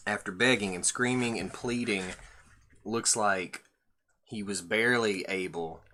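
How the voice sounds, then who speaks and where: A man's voice: lowish voice, pushed and bright. A man reading a picture book aloud and joking about it with irreverent, profane commentary. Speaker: storyteller host.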